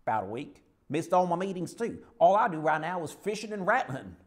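A man's voice: fairly high pitch, sing-song, fairly quick. An actor playing a Lebanese man who suddenly talks with a folksy American Southern drawl, bewildered at himself. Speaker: patient. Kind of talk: comedy sketch acting.

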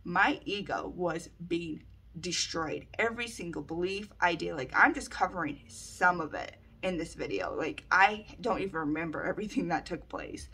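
A woman in her thirties telling a personal story to camera in a casual, animated way, full of "like" and "right?". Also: on the low side, fairly quick, few pauses, slightly rough. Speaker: vlogger.

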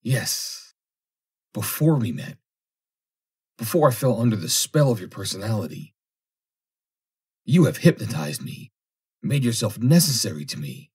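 Jealous obsessive young man voiced by a male reader, pleading, bitter, husky. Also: medium pitch, very animated, unhurried, pauses often, darkish tone, exaggerated voice.

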